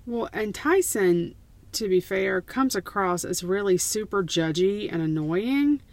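A woman, co-hosting a casual book chat in an animated, teasing and emphatic way. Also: mid-range voice, unhurried, crowd noise. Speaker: podcast co-host and teacher.

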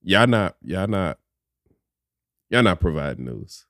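A man's voice: sits low, big pitch swings, slow, fairly bright tone, dry recording, clean studio sound. A man co-hosting a podcast, talking casually in an opinionated, playful way. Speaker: podcast co-host. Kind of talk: casual chat.

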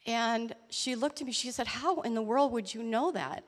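Give me an earnest woman sharing a testimony in a church hall, high voice with a long reverb. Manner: earnest, halting storytelling with restarts and soft laughs. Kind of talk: personal testimony story.

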